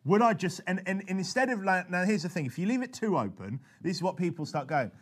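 A man explaining how he shares his faith, in a chatty, animated way that keeps breaking off and starting again. His voice sits a little higher than most men's. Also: fast talker. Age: adult father. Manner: animated and chatty, with frequent restarts. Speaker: preacher teaching soul-winning. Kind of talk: conversational teaching talk.

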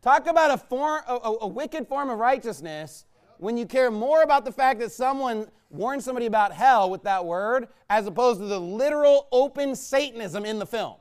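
A man preaching a combative, mocking sermon, swinging between low muttering asides and loud outbursts. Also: animated, moderate pace, smooth. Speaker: pastor. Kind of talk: fiery sermon rant.

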